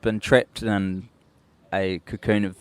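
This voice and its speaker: A New man with a somewhat low voice, co-hosting a casual podcast over a remote call. He talks in a wry, self-deprecating ramble and trails through half-finished thoughts. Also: fairly even intonation, takes it slowly, smooth, no room sound. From New Zealand. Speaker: podcast co-host. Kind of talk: casual chat. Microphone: remote call, home mic.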